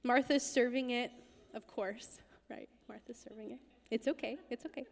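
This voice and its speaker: A woman preaching in a high voice. She tells a personal story with intense emphasis and sometimes drops to a hushed whisper. Her voice rings with the long reverb of a church hall. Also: fairly even intonation, moderate pace, gravelly. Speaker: guest speaker. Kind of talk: sermon storytelling.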